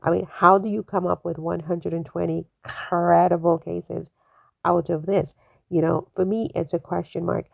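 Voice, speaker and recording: A woman's voice: on the low side, level tone, normal speed, creaky, no room sound. A woman hosting an opinion commentary, skeptical, asking one rhetorical question after another with many fillers. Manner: skeptical, full of rhetorical questions and "you know"s. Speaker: commentary channel host.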